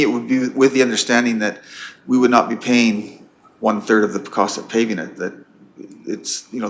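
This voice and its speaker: A man speaking as a county councillor in a council meeting debate, blunt and halting, with many restarts. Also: on the low side, creaky, fairly bright tone, a little hiss or hum.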